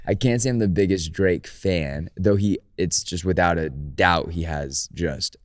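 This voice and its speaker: Animated low-voiced male co-host. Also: no room sound, studio quality. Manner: animated, quick, laughing asides. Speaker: podcast co-host. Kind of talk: casual chat. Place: podcast studio.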